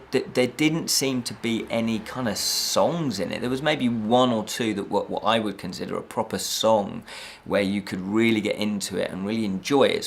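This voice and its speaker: A man reviewing a film in a casual chat, animated and exasperated, repeating points for emphasis. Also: fairly low pitch, gravelly. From United Kingdom.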